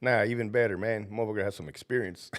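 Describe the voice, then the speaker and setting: A man's voice: fairly low pitch, steady tone, fast talker. A man hosting a casual livestream while sick and feverish, swearing constantly and breaking into laughter between rants. He is a former prison officer who greets viewers by name, then swings into profane tirades at his critics. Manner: profane, ranting, laughing often.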